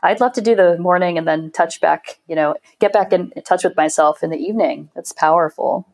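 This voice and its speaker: A woman's voice: lowish voice, fairly quick, a little mellow. A woman hosting a casual interview podcast, affirming her guest and asking curious questions. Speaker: podcast host.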